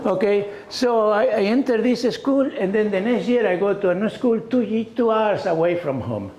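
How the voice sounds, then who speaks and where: A man's voice: high voice, normal speed. Older Argentine-born man in an echoey room. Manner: non-native grammar, animated anecdotes, frequent "you know". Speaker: exhibiting photographer. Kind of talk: storytelling artist talk. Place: small arts gallery event. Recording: echoey room, faint background noise.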